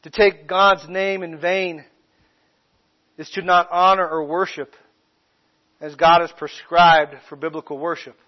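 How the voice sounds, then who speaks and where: A man preaches from the pulpit with a high, emphatic voice. He slows down to stress key phrases and raises his voice on the big points. The recording sounds a little dull and muffled. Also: little pitch movement. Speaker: pastor. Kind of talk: sermon.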